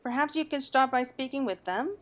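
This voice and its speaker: A woman's voice: sits high, lively intonation, pitched above the performer's own voice. Woman reading as a refined blind wine connoisseur. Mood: measured. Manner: measured, refined. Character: blind retired mercenary, male wine connoisseur, calm.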